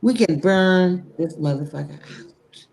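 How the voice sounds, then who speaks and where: A woman's voice: on the low side, darkish tone. A woman speaking about faith on a talk show in a heartfelt, preachy way, salted with blunt profanity. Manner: impassioned, preachy, frank with profanity; slow, deliberate delivery.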